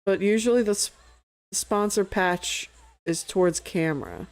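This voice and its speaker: A young woman doing casual live play-by-play of a baseball game, chatty and easily sidetracked, swearing freely between pitches. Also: measured pace, a little mellow. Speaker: play-by-play streamer.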